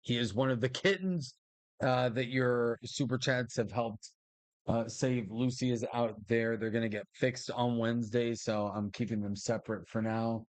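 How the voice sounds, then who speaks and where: A man from Puerto Rico streaming a game, chatting casually with many filler pauses and talking fondly to his kitten. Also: medium pitch, no echo. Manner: chatty and relaxed, often pausing with fillers, fond baby talk to his kitten. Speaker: gaming streamer. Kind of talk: casual live-stream commentary.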